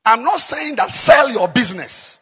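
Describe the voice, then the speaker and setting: A man preaching a sermon as a pastor, dropping to low murmurs and rising to high shouts. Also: lively intonation, moderate pace, breathy edge, lo-fi sound, faint music behind. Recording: long hall reverb.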